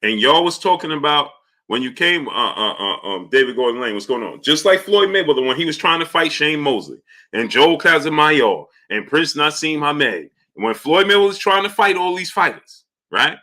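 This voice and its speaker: A man's voice: on the high side, animated, moderate pace, bright, forceful tone. A man hosting a live boxing stream, arguing his points and greeting chat viewers by name. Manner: argumentative, repeats points. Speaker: boxing show host.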